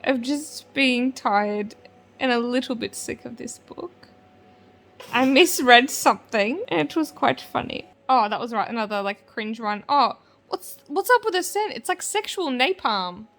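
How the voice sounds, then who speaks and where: A young woman chatting casually to camera as a book vlogger, animated and full of fillers. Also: a little high, measured pace. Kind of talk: casual vlog chat.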